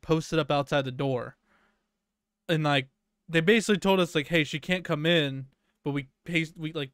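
Fairly high and bright, his smooth voice comes through clean studio sound without echo. The young man, a podcast co-host, casually rambles through a lengthy workplace tale full of fillers and swearing.

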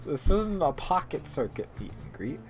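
A man's voice: fairly high pitch, very animated, moderate pace, music in the background. A man giving casual, joking commentary while playing a video game, rambling and mocking himself. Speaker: let's play host.

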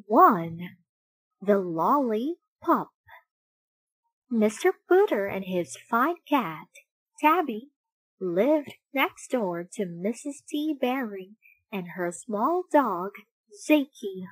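A woman slowly and expressively reading a children's picture book aloud. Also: fairly high pitch, slightly rough, no room sound, poor audio. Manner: slow, expressive, deliberate. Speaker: storybook reader.

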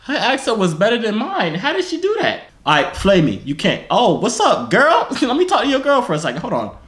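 A man's voice: high-pitched, huge pitch swings, a little fast, fairly bright tone, roomy sound. A young man hosting a prank video chat, putting on an exaggerated fake British accent and teasing strangers playfully. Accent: put-on British. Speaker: video host. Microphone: video call.

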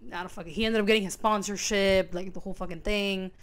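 A woman's voice: medium pitch, fairly even intonation. Chatty, cursing woman podcast co-host. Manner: chatty, cursing, quick jokes. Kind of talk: casual book recap chat.

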